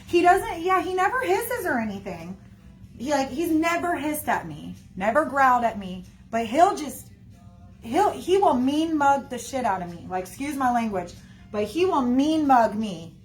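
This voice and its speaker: A woman's voice: high voice, big pitch swings, normal speed, faint music behind. A woman chatting casually to her viewers in a rambling way, full of fillers and "y'all". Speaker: livestreamer talking to viewers. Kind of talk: casual chat.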